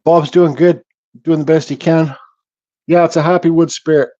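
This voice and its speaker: Man, fairly high voice, mellow tone, relaxed livestream chatter, dull lo-fi sound. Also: moderate pace. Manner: relaxed, reads chat comments aloud, mumbles. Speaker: livestream host. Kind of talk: casual livestream chat.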